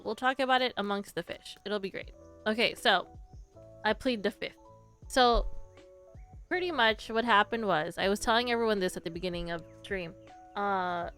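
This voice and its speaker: A woman's voice: medium pitch, fairly bright tone. A young woman streamer chatting casually with her live chat, telling a story and giggling often. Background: faint background music.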